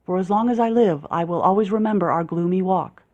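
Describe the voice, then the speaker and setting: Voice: mid-range voice, brisk, a little mellow, dull audio. An audiobook reader narrating in the first person with a dry, sarcastic, self-mocking manner.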